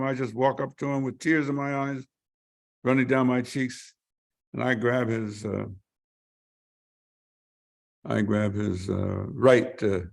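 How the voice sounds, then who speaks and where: A man's voice: medium pitch, vocal fry. An older man, a guest in an interview, telling vivid stories and acting out what others said, sometimes repeating words as he searches for them. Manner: animated, vivid storyteller who acts out quotes. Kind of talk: storytelling in an interview.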